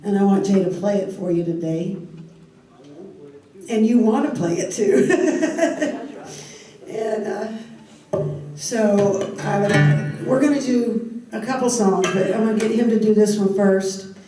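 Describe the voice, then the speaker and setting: A woman, giving a heartfelt personal testimony to a church group, speaking haltingly with restarts. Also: medium pitch, over loud music. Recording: echoey hall, heard from a distance.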